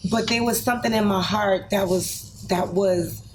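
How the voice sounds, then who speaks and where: A woman's voice: medium pitch, normal speed. A woman on a podcast telling a personal story, acting out what she said back then. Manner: animated, acts out her own past quotes. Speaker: podcast guest. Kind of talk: casual storytelling. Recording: noisy podcast recording.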